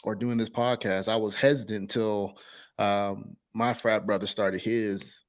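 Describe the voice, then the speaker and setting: A man with a fairly low voice hosts a casual podcast interview. He sounds pumped and eager, tripping over his own phrases and restarting sentences as he goes. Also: level tone. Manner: enthusiastic, halting with fillers and restarts. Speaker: podcast host.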